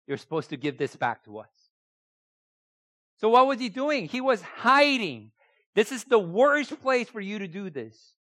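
A man's voice: high voice, fairly bright tone, no room sound, studio quality. A man preaching a sermon, emphatic and repeating key phrases, often putting rhetorical questions to his listeners. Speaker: pastor.

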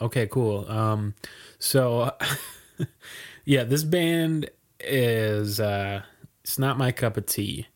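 A man's voice: medium pitch, drawn-out words, pauses often. Laid-back rambling man on a podcast. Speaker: podcast co-host. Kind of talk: casual podcast chat about music. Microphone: video call.

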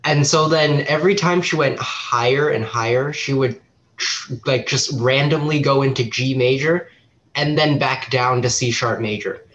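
A man's voice: medium pitch, moderate pace, fairly bright tone. Give me a teenage boy with dry, short replies, heard through dull lo-fi audio. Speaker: podcast co-host. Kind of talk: casual chat.

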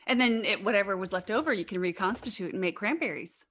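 A woman's voice: medium pitch, lively intonation, quick pace, a bit bright. Woman podcast host, chatty, jokey asides, telling history stuff casually. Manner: chatty, laughs easily, playful asides.

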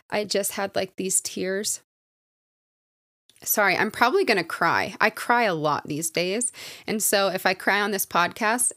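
A woman's voice: medium pitch, a bit bright, no room sound, studio quality. A woman in her twenties hosting a casual solo podcast, telling a personal story in a candid, reflective way with plenty of "like" fillers. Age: 20s. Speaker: podcast host.

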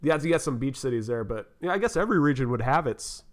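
Male co-host with a mid-pitched voice, easygoing chat, quick to laugh, thoughts trailing off. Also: lively intonation. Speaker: podcast co-host. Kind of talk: casual chat.

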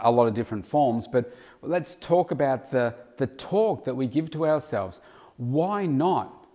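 A man giving a motivational self-help talk, acting out a harsh inner critic. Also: a little mellow. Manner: acts out a harsh inner critic with raised pitch. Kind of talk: motivational monologue.

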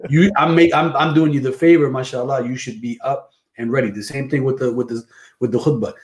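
With a mid-range voice and a brisk pace, this New Jersey man appears as a guest imam on a podcast. He chats casually, spins animated stories, and keeps asking "you know what I mean."

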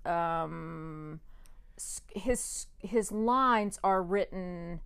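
A woman's voice: fairly low pitch, very slow, creaky, fairly bright tone, smooth. A woman co-hosting a podcast, discussing an old film in a conversational, agreeable way. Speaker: podcast co-host.

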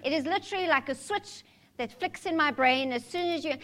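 A woman's voice: sits high, expressive, moderate pace, a bit bright. A woman preaching a sermon in a candid, conversational way, mixing humor with scripture.

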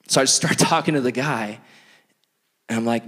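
A male pastor telling a sermon story in an animated, self-mocking way, acting out scenes, in a church hall. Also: medium pitch, moderate pace, long pauses. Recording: long hall reverb.

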